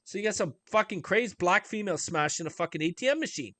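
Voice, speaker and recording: A man hosting a live stream, ranting over clips with heavy swearing and rhetorical questions. His pitch sits a little high and swings widely. The tone is bright and cutting, and the recording is dry and close. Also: animated, quick pace, no echo. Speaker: livestream host.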